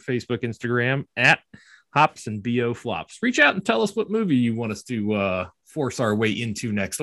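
A man's voice: mid-range voice, a bit bright. A man hosting a casual podcast, upbeat and jokey, with loose restarts as he talks. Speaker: podcast host.

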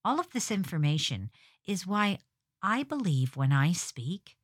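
A woman's voice: fairly low pitch, very animated, unhurried, no room sound, studio quality. A woman hosting her own podcast, telling funny stories in a wry, scripted way, with hard-sounding g's at word ends. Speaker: podcast host.

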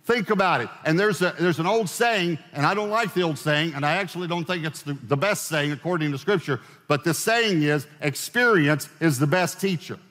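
A man's voice: on the high side, normal speed, hardly any pauses, a bit bright, big-room sound. A male pastor preaching a sermon in a conversational way, asking his congregation questions as he goes.

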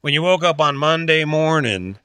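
A man's voice: fairly high pitch, expressive, moderate pace, pushed and bright, clear, resonant tone, no room sound. A man giving a casual motivational talk, blunt and full of rhetorical questions, with some swearing and mocking quoted voices.

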